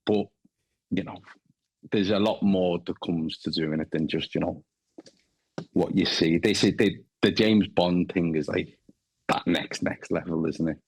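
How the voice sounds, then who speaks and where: A man's voice: sits low, steady tone, a little slow, long pauses, darkish tone, slightly rough, no room sound. A man in his thirties with a Scouse accent, an actor chatting as a guest, swearing freely and often restarting. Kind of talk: casual chat.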